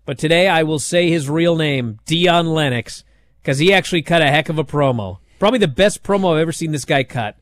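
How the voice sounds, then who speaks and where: A man hosting a wrestling recap show, talking in a sarcastic, animated way and acting out what others said. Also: fairly high pitch, a little fast, dry recording. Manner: sarcastic, animated, acts out quotes. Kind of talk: casual recap commentary.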